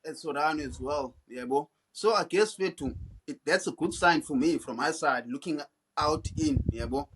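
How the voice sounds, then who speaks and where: Relaxed man, slangy. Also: a little high, husky, poor audio. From South Africa. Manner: relaxed, slang-heavy, halting. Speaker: podcast co-host. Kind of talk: casual football chat.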